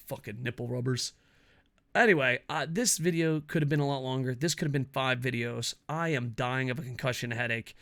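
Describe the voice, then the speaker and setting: A man hosting his own wrestling commentary show, ranting casually with lots of swearing, laughter and excitable asides. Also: medium pitch, fairly quick. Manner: profane, excitable, laughs a lot. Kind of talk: casual opinion rant.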